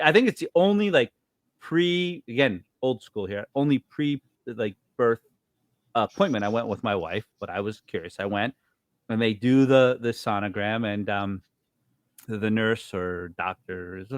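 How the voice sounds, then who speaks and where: A man's voice: dry recording, studio quality. A middle-aged man co-hosting a podcast, telling stories in casual chat and acting out quotes with big jumps in his voice. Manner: animated storyteller, acts out quotes with big pitch jumps. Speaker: podcast co-host.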